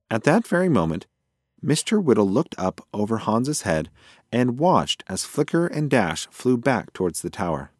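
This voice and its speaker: A man narrating a children's storybook in an expressive, lively storytelling manner. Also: fairly low pitch, normal speed, no echo, clean studio sound. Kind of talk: storybook reading.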